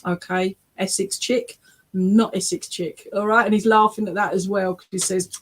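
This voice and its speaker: A woman's voice: medium pitch, steady tone, normal speed. Chatty emotional woman medium on a video call. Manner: chatty, checks in often with "okay?" and "all right?"; emotional, breaks into laughter and tearful exclamations. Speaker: spiritualist medium. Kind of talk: online mediumship reading.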